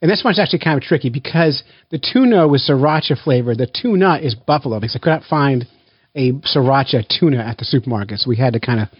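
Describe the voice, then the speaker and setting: A man hosting a blindfolded family taste test in a casual, playful way, counting down loudly before each bite. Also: medium pitch, lively intonation, quick pace, breathy edge, no room sound, highs cut off. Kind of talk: casual family vlog chat.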